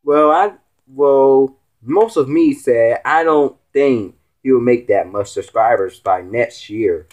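Taking things slowly, a man with a slightly mellow voice stands in as host of a laid-back vlog. He rambles, teases, and rants at his viewers, letting his pitch swoop.

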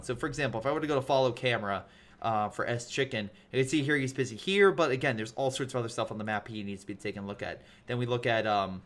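Upbeat man casting a game replay. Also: mid-range voice. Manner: chatty, animated, lively asides to viewers. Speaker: video game replay caster. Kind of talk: play-by-play game commentary.

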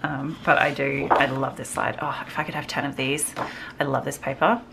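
Low-voiced, gushing woman crafter. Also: little pitch movement, moderate pace, vocal fry, heavy background noise. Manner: chatty and gushing, frequent little exclamations. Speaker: craft vlogger. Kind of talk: casual show-and-tell haul.

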